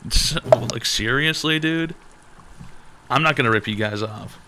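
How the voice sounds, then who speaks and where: Bright-voiced, animated, profane male streamer. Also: mid-range voice, a little slow. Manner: animated, profane, riffing storyteller. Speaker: advice show host. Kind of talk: livestream banter.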